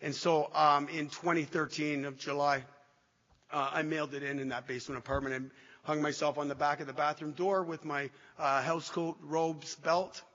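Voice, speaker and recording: A man giving an emotional recovery testimony to an audience, halting and restarting as he speaks. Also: fairly high pitch, level tone, fairly bright tone. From Canada. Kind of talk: personal testimony talk to an audience. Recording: dull echoey hall recording.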